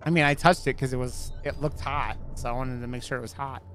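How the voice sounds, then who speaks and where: Faint music plays as a man streams a horror game, his mid-range voice brisk, fairly bright, and fairly even in intonation. A let's play streamer, he swears plenty, jokes crudely, and reads the in-game notes aloud in a relaxed way.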